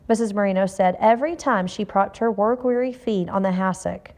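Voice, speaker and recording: A woman calmly narrating a short story. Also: medium pitch, brisk. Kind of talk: storybook reading.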